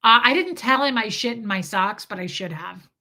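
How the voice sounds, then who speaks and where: Bright-voiced tired woman streamer. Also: mid-range voice, animated, normal speed. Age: 40s. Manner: rambling and profane, reads viewer comments aloud. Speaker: live streamer. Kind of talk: casual live-stream storytelling.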